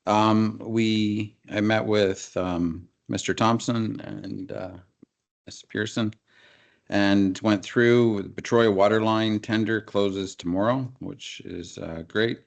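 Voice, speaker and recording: Man, very low voice, deputy mayor, halting report, council chamber. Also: steady tone, creaky. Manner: hesitant, many ums and uhs. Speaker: deputy mayor giving committee updates.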